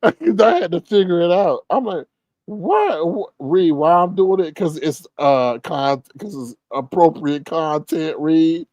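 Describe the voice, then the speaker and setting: A man's voice: on the high side, a little slow, a little mellow, dry recording, highs cut off. A man hosting a reaction commentary, blunt and exasperated, with laughing asides. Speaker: commentary channel host.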